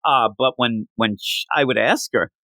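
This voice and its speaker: A man co-hosting a podcast, chatting casually in an animated, rambling, joking way. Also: mid-range voice, moderate pace, no room sound. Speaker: podcast co-host. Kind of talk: casual chat.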